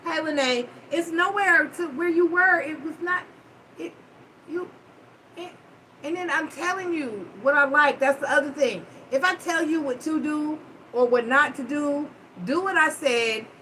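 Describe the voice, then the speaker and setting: Blunt, bright-voiced woman. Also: high-pitched, measured pace, slight background noise, low-quality recording. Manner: blunt, profane, animated storytelling. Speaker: host. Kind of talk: casual live-stream chat.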